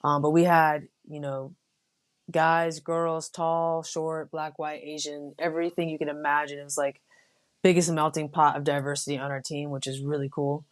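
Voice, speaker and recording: In this casual interview, the guest is a young adult Marine officer from the United States. She speaks at a normal speed in a low-sitting voice, telling her stories in a laid-back way with plenty of fillers.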